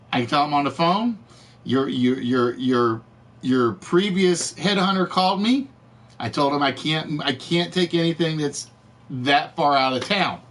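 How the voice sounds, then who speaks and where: Slightly high-voiced man, cracking voice. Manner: animated, exasperated storytelling with repetitions. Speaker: game show stream host. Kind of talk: casual rant to live chat.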